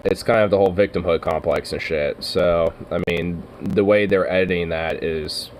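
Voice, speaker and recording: A man's voice: sits low, fairly even intonation, moderate pace, a little hiss or hum, poor audio. A young man hosting a reaction video, rambling and swearing in a slangy, laughing way. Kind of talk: casual reaction commentary.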